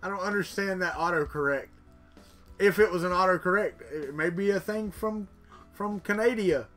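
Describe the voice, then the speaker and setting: Bright-voiced man chatting live. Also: sits high, moderate pace, faint music behind. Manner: chatty, reads viewer comments aloud, jokes. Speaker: livestream host. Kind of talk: casual live chat with viewers.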